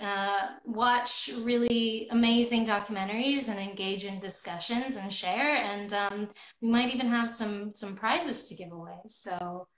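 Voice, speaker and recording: A woman hosting an online movie discussion, talking casually with many pauses and restarts. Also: mid-range voice, reverberant, poor audio. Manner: friendly, hesitant, many ums and restarts. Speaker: host of a movie discussion club.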